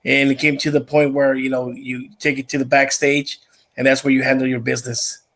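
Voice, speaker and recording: A man co-hosting, talking slowly and emphatically about wrestling, repeating words. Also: medium pitch, level tone, a bit bright. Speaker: co-host wrestler. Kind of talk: casual chat.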